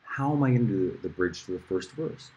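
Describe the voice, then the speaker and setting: A man teaching a casual music lesson at a board, rambling, with loud bursts of emphasis and murmured asides. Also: low voice, animated, fairly quick, slightly rough, dull audio.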